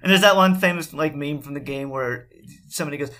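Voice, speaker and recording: A man co-hosting a casual podcast, lively and quick to laugh. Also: fairly high pitch. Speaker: podcast co-host.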